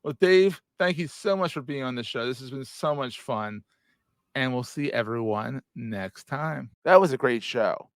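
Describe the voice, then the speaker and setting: A man's voice: medium pitch, measured pace, dry recording. A man in his forties hosting a podcast interview in a joking, casual way, laughing often. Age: 40s. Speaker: podcast host.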